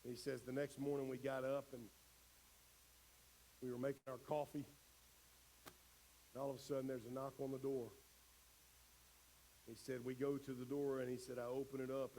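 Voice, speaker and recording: A pastor telling a story in his sermon, building from quiet retelling to impassioned preaching. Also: medium pitch, flat delivery, moderate pace, pauses often, slight background noise.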